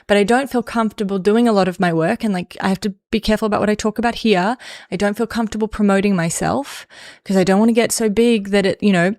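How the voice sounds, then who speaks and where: A woman's voice: mid-range voice, steady tone, fast, darkish tone, no echo, clean studio sound. An Australian woman hosting a casual livestream who rambles with lots of fillers and self-mocking humor. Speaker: livestream host.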